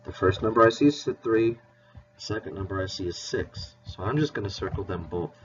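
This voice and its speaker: Man teaching kids math, low voice. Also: lively intonation, normal speed, far from the mic, soft background music. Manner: encouraging, playful, spells words out. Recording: dull lo-fi recording with faint hiss.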